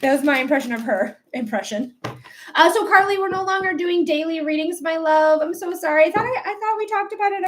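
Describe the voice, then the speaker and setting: A woman's voice: sits high, a little hiss or hum. A woman hosting a live psychic reading stream, chatting casually and affectionately with viewers and rambling with fillers. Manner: affectionate toward viewers, calls them my love; rambling, with many fillers and restarts. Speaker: livestream psychic reader.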